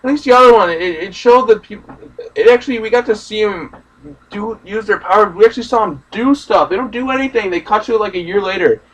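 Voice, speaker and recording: A man's voice: high voice, quick pace, recorded from a distance, poor audio. A young man ranting in a casual, profane, rambling way about a film he just saw. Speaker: movie reaction host. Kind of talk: casual ranting movie discussion.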